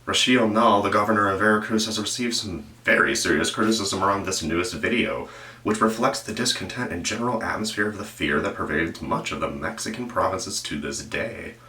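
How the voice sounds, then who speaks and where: A man's voice: low-pitched, a little fast, pushed and bright, recorded from a distance. A man hosting casual true-crime commentary, rambling and profane and often breaking off mid-sentence. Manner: meandering, profane, self-interrupting. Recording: echoey room, voice off-mic.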